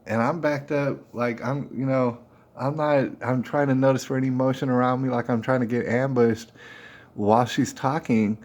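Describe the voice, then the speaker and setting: A man's voice: mid-range voice, a little mellow. A man, the host, telling a personal story in a casual, slangy way and acting out the dialogue. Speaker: podcast host.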